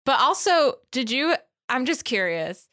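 Bright, curious podcast host woman. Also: high-pitched, big pitch swings, no echo, studio quality. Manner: curious, quick follow-up questions. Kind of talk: casual chat.

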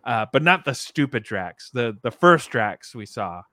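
A man on a podcast talks casually about games at a middling pitch, circling his point with ums and restarts. His voice is recorded close and dry, with no room sound. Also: big pitch swings, unhurried, sharp tone, dry recording. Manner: rambling, many fillers and restarts. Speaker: podcast co-host. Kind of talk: casual video game discussion.

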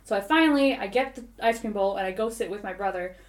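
A woman telling a long, animated story in casual podcast chat, rambling and full of "like". Her pitch sits in a middle range. The recording sounds roomy and echoey. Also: fast talker. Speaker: podcast co-host.

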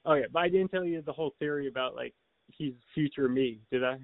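A man's voice: fairly high pitch, fast talker, no echo, phone-quality sound. A man on a podcast telling a long rambling story in casual chat, full of restarts and little laughs. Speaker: podcast co-host.

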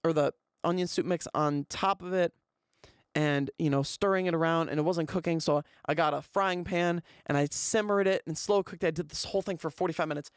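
A young man hosting a podcast, telling a rambling, animated story in a casual way. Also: fairly high pitch, brisk, clear, resonant tone, no room sound, clean studio sound. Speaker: podcast host.

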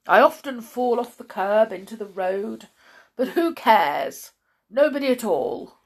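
A woman's voice: fairly low pitch, unhurried, vocal fry, husky, exaggerated voice. A woman voicing a rude, bitter and lonely blind man who snaps out resentful complaints in a storybook reading.

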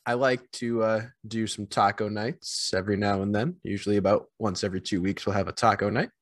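A man's voice: fairly low pitch, steady tone, brisk, dry recording. Rambling man on a dry-sounding podcast. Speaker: podcast co-host. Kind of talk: casual podcast chat.

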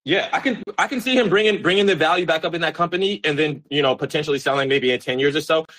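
A man's voice: a little high, fast talker, fairly bright tone. Easygoing man in casual sports chat. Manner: easygoing, agreeable, with short affirmations. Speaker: podcast co-host.

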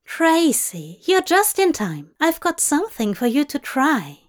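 A woman voicing a gentle, courteous man mixing drinks, in a storybook reading. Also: high voice, very animated, unhurried, pitched above the performer's own voice. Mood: pleased. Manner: courteous, mild. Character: gentle, fussy, pleased male angel bartender.

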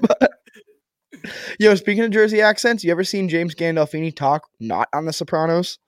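A man's voice: on the high side, moderate pace, no room sound, studio quality. A man co-hosting a casual podcast, who swears a lot and laughs often as he chats. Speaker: podcast co-host. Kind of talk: casual chat.

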